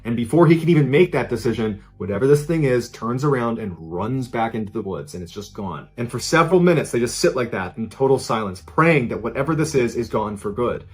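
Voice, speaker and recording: A man telling an eerie true story in a mid-range voice, building suspense as he goes. He slips into a hushed near-whisper whenever the tension peaks, then comes back up with urgency. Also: lively intonation, fairly quick, hardly any pauses. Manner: suspenseful, drops to a hushed low voice at tense moments. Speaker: podcast storyteller. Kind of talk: dramatic true-story narration.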